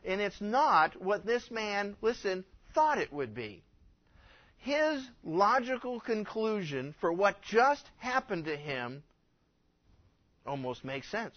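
A male pastor preaching a sermon, animated and acting out the voices he quotes. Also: high voice, takes it slowly. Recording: dull lo-fi recording.

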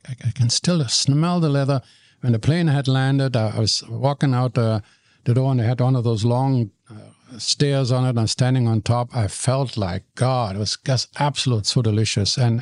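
An older man, a guest telling stories in an animated way, often stumbling and repeating words. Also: mid-range voice, no room sound, studio quality. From Germany. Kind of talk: storytelling in conversation.

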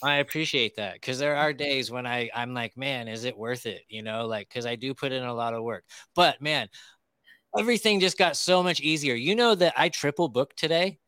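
A man's voice: medium pitch, normal speed, sharp tone, smooth, dry recording. A man hosting a casual podcast interview, enthusiastic and chatty, swearing freely and laughing often. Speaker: podcast host.

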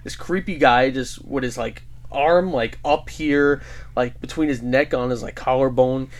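A man's voice: medium pitch, steady tone, a little slow. A young man co-hosting a podcast, telling a story in casual chat, quoting people as he goes, laughing often and swearing. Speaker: podcast co-host.

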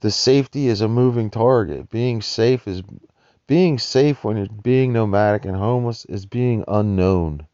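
A man's voice: lowish voice, a little slow, dark tone, clean tone, dry recording, dull audio. A man ranting in a rambling, profane monologue about life as a nomadic homeless person. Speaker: vlogger describing homeless life.

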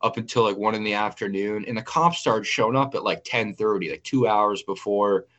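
Male guest, fairly low voice, plain casual talker. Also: fairly quick, fairly bright tone, dull audio. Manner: plain-spoken, heavy with fillers. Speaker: interview guest. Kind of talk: casual conversation.

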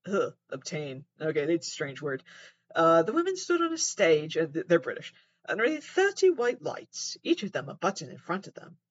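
A man's voice: fairly high pitch, wildly swooping pitch, normal speed, muffled recording. A man sitting on his mattress at home, reading aloud and riffing in a rambling, sarcastic, self-deprecating way, with some swearing. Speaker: host. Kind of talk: casual commentary, reading aloud.

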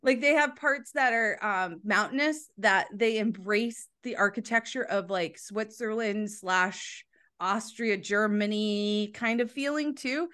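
A woman's voice: medium pitch, unhurried, sharp tone. A woman hosting a casual interview, chatty and enthusiastic, often saying "like". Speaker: interview host.

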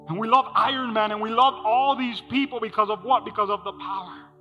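Bright high-voiced male preacher. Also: steady tone, brisk, few pauses, lo-fi sound. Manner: asks the congregation questions and repeats key lines. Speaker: pastor. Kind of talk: sermon. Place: church hall. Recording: music under a hall reverb.

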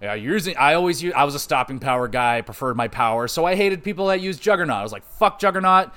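A man's voice: mid-range voice, lively intonation, fast talker, a bit bright. Profane, enthusiastic male podcast host. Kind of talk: casual gaming podcast chat.

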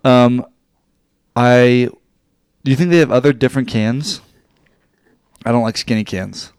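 Young male podcast co-host, jokey quick interjections, casual chat, dry close sound. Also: medium pitch, darkish tone, smooth, dry recording. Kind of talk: casual beer-tasting chat. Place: home studio.

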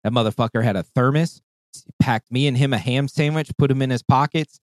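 Speaking fairly quickly at a medium pitch, a man recounts a long hunting story without any room sound around him. He swears constantly and throws himself into acting out calls and voices, all in a relaxed manner.

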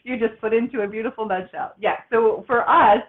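A woman's voice: fairly high pitch, a little fast. A woman hosting a podcast interview, chatting casually, agreeing often and sharing stories of her own. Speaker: podcast host. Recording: tinny phone-line sound.

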